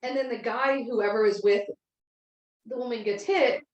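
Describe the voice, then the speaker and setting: A woman in her thirties spins a long, casual story, circling back with plenty of filler words. Her voice sits on the higher side. The room has a noticeable echo. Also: fairly even intonation, moderate pace, darkish tone, dull audio. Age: 30s. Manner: rambling, full of "like" fillers. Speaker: podcast co-host. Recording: echoey room.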